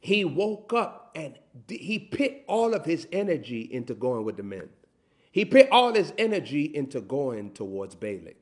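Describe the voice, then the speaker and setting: Fiery preacher man, swinging loud and low. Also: very animated. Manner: rising to loud bursts then dropping low, drawn-out emphatic phrases. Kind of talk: sermon.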